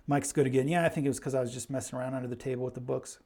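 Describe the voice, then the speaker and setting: A man's voice: mid-range voice, steady tone, racing, mellow. A man hosting a casual live Q&A stream, chatting and thinking aloud on a clip-on mic in an indoor room with some echo. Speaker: host of a craps channel live stream. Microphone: clip-on mic with pack.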